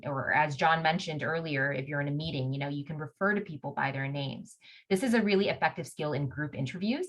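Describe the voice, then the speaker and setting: Low-voiced woman giving career tips. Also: a bit bright, poor audio. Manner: conversational, frequent fillers and "right?" checks. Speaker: webinar presenter. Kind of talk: instructional talk to high school students. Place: online webinar.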